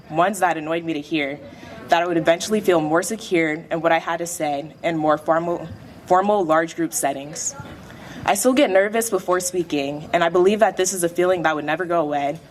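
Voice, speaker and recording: A graduating teenage girl reads a prepared speech at a school awards dinner into a microphone, in a measured, reflective way. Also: lowish voice, a little hiss or hum. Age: late teens. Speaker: graduating student speaker. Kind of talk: prepared speech read aloud.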